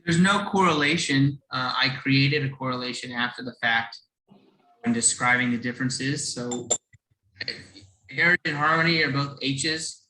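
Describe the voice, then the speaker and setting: An earnest man explains a whiskey brand over a video call. His voice is bright and forward, and he often restarts phrases. The sound carries a roomy echo. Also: medium pitch, slight background noise.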